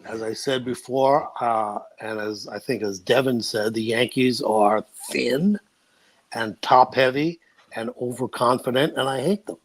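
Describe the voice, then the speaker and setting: A man's voice: medium pitch, a little slow. A man giving emphatic, opinionated picks on a casual sports podcast. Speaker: roundtable panelist.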